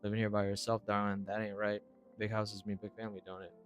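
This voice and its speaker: A man's voice: lowish voice, little pitch movement, fast, faint music behind, lightly acted. A man voicing a folksy, nosy southern matriarch in a game with a put-on American Southern drawl. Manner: drawling, syrupy, calls people darling.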